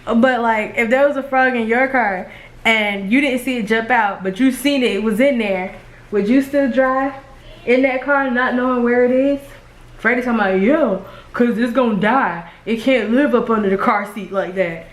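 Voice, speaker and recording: Excitable woman telling a story. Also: fairly high pitch, moderate pace. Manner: excitable, rambling, addresses viewers as y'all. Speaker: family vlogger. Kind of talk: animated storytelling to camera.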